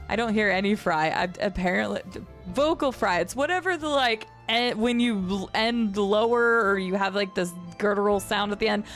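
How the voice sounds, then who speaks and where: A woman streamer chatting casually with her viewers. She has a low vocal fry at the ends of her phrases, rambles, and laughs often. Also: normal speed, soft background music. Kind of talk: casual live-stream chat, reading and answering chat. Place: home streaming setup.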